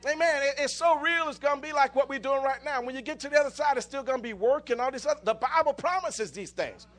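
High-voiced preacher. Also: male voice, fast talker, fairly bright tone. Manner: rambling storytelling with many restarts, rising to fervent exclamations. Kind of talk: sermon.

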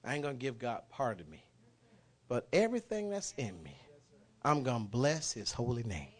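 A man preaching a sermon, folksy and impassioned, swinging from quiet talk to shouting. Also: medium pitch, sing-song, moderate pace. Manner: folksy, dialect speech.

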